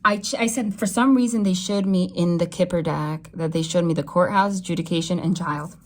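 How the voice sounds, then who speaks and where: A young adult woman giving a casual tarot reading to camera, rambling and emotional, with sudden excited jumps in her voice. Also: on the low side, fairly quick. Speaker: tarot reader.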